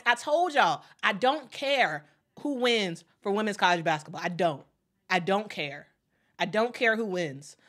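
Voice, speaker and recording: A woman from Chicago reacts live on her own sports channel. She gushes and repeats herself, calling on her viewers to cheer along with her. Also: medium pitch. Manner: energetic, repetitive, hypes up viewers. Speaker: sports YouTuber. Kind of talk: excited live reaction vlog.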